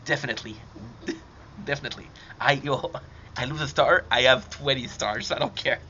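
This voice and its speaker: A man's voice: medium pitch, normal speed, pushed and bright. A man with a French accent chatting casually and teasing, swearing freely as he jokes. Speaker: live streamer. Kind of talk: casual chat with a stranger. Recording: dull lo-fi audio, faint background noise.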